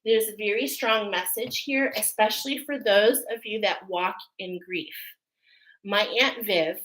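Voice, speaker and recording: Bright-voiced woman giving a spiritual reading. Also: mid-range voice, unhurried, rough recording. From Irish Catholic family. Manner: chatty, emotional, often asks "okay?". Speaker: oracle card reader. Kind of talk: spiritual card reading, live.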